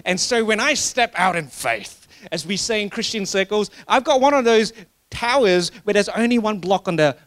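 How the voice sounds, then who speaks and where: A man's voice: high voice, lively intonation, normal speed, fairly bright tone. A man preaching a sermon in a conversational, joking way, often restarting his sentences. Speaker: pastor.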